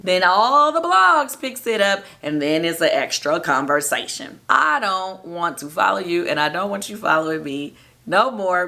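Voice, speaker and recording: A woman hosts a casual recap, talking straight to her viewers in an animated, gossipy way and laughing often. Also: medium pitch. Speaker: show host recapping episodes for viewers.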